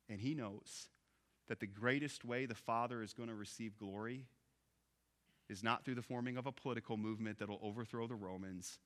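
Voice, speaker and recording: A man preaching a sermon, expressive, dropping soft on key phrases and rising when animated. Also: mid-range voice. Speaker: pastor.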